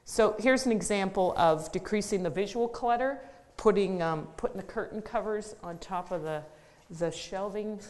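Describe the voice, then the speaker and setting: A woman's voice: medium pitch, normal speed, a little mellow, long reverb tail. A middle-aged woman, an occupational therapist, giving a conversational public talk. She tells a practical case story in plain words, with some fillers and restarts.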